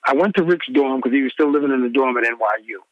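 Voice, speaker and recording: A middle-aged man, a former radio DJ, telling animated stories in an interview and acting out the people he quotes. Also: fast, dry recording, phone-quality sound. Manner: acts out quoted people with big pitch swings.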